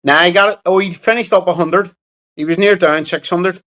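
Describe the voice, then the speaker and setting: A man's voice: high-pitched, fairly even intonation, brisk, a bit bright, rough recording. A man with a Belfast accent chatting casually on a livestream, reading out chat and answering with sweary, mocking banter.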